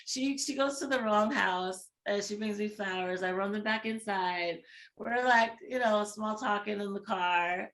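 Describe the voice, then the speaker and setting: A woman as a podcast guest, telling a story in casual chat, animated and laughing between quick asides. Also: medium pitch.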